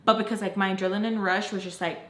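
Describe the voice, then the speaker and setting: A woman vlogger telling a storytime while doing her makeup, animated and full of fillers and swearing. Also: mid-range voice, fast, reverberant. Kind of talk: storytime vlog.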